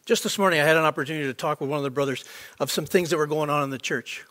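Delivering his sermon very fast, this pastor leans on emphatic repetition to drive his message home to the congregation. His voice is a little high and a bit bright, recorded in a church sanctuary with long hall reverb.

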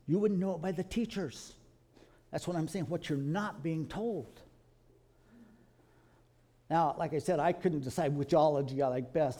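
A middle-aged man from Kentucky, telling animated stories to a live audience in a folksy preaching style, calling the listeners folks. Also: on the high side. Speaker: creationist speaker.

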